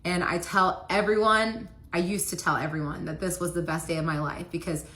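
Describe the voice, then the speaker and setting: A young woman recounts her own story in a loose, chatty way, filling her sentences with "like." Her voice sits fairly low, yet it sounds bright and forceful. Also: steady tone, brisk. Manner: casual, heavy use of "like" fillers. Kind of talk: personal storytelling.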